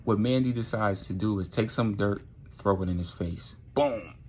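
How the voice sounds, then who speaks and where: A man telling a dark story in a casual, animated storytime manner, profane and often asking "right?". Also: fairly low pitch, normal speed, a little hiss or hum.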